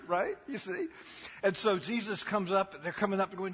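A man's voice: high-pitched, animated, moderate pace, a bit bright, slightly rough. A man preaching a sermon who keeps putting questions to the congregation and tells the story with laughter. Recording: long hall reverb.

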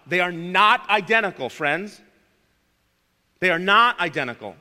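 A man's voice: high-pitched, lively intonation, unhurried, long pauses, pushed and bright, long reverb tail. A man preaching a sermon, emphatic, repeating his key phrases and calling his listeners friends.

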